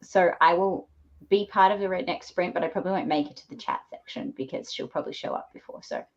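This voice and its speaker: Lower-voiced woman on dull call audio. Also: fast, a crowd in the background. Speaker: guest reader. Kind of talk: casual group video chat.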